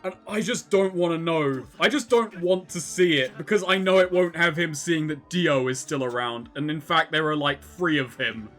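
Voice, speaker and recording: A man's voice: fairly high pitch, moderate pace, few pauses, a bit bright, soft background music. A young British man co-hosting a casual commentary chat, wry and sweary, laughing often. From Britain. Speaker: co-host.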